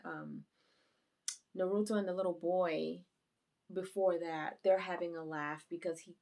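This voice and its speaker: Low-voiced woman with gravelly fry. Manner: chatty, animated retelling with many fillers. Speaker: anime review YouTuber. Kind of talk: casual episode recap review.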